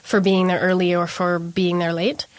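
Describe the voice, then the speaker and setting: A woman's voice: lowish voice, little pitch movement, moderate pace. A young adult woman telling an interviewer about her experience, earnestly recounting events and acting out the things people said. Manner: earnest storytelling, acts out quoted dialogue. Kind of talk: personal account in an interview.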